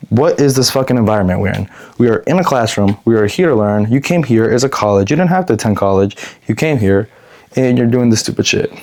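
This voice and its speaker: A young man talking straight to camera in an unedited vlog, blunt and profane, rambling with restarts and a pace that speeds up and slows down. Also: mid-range voice, expressive, darkish tone. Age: young adult. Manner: quick, shifting pace; frequent restarts and self-corrections. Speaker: vlogger.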